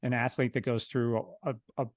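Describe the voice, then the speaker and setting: A man's voice: mid-range voice, little pitch movement, brisk, no room sound, clean studio sound. A man co-hosting a podcast, speaking in an upbeat, reflective way. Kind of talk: casual podcast conversation.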